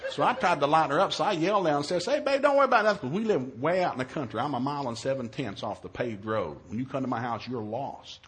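A man who is a minister, telling a humorous story in a sermon, acting out his own yelled lines in a raised voice. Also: fast, hardly any pauses. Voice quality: animated, shifts to high yelling quotes.

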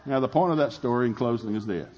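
A middle-aged man preaching a sermon, telling a family story with animated, shouted retellings. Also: mid-range voice, fast, some chatter behind, a little hiss or hum. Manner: animated, shouting in acted-out scenes, laughing. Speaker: pastor.

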